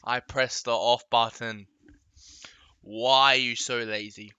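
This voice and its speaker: A man's voice: mid-range voice, steady tone, takes it slowly, sharp tone, clear, resonant tone, no room sound. A man ranting comically in a vlog, with exaggerated outbursts and yelps, recorded close and dry. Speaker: vlogger. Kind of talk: comedic rant vlog.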